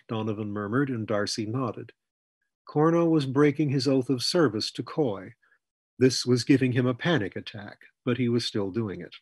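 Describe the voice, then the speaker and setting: A man narrating his story in a steady, even audiobook reading. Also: mid-range voice, normal speed, slightly rough, dry recording.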